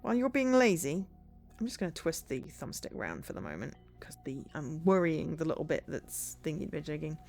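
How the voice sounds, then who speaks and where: A woman's voice: deep voice, sing-song, a little fast, gravelly, hardly any pauses, darkish tone, soft background music. A woman streamer giving casual game commentary, chatty and thinking aloud.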